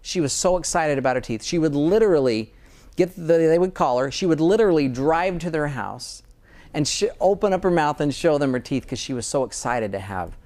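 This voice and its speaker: A man's voice: on the high side, expressive, fairly quick, a little mellow. A middle-aged American dentist in a casual interview, earnest and sometimes getting emotional about his work. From United States.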